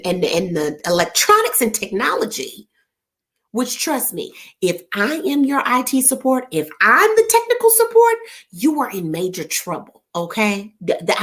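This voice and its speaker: Animated higher-voiced woman telling a story. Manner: animated, chatty, jumps between asides. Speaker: host of an online gathering. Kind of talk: casual storytelling chat.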